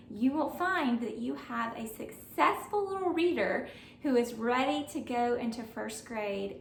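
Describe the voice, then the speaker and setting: A woman, a homeschool mom, giving an earnest, encouraging curriculum review in a steady, friendly way. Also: sits high, vocal fry, reverberant, recorded from a distance, a little hiss or hum. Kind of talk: friendly review talk to camera.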